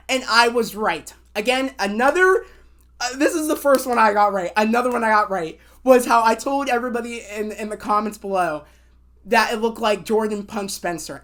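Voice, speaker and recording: A woman reviewing a TV episode in a casual spoiler rant, rambling with many fillers and restarts, swearing when annoyed. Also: a little high. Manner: excitable, acts out quotes. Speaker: TV show reviewer.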